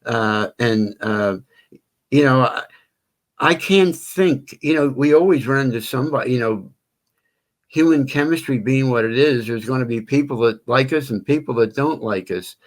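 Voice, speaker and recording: An older man who works as a stadium announcer, chatting on an interview call, speaking gently with many pauses. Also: mid-range voice. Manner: drawn-out melodic announcer delivery when calling names. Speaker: stadium public address announcer. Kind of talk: phone-in interview chat.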